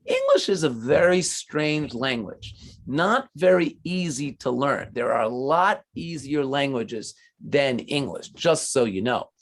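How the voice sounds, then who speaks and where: A man's voice: mid-range voice, very animated, unhurried. A man teaching math to children, patient and encouraging as he explains each step. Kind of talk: online class teaching.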